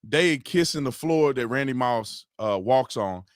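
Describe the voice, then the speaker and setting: A man's voice: mid-range voice, expressive, a little slow, no room sound, studio quality. A man on a talk show panel, emphatic and sarcastic in his commentary. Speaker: panel guest. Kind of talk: heated political commentary.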